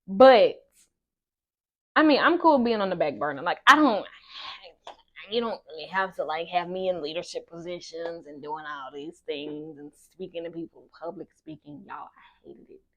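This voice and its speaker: A young woman telling a personal story, swinging between loud exclamations and soft asides. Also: on the low side, big pitch swings, moderate pace, muffled recording. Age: young adult. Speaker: vlogger. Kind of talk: storytime vlog.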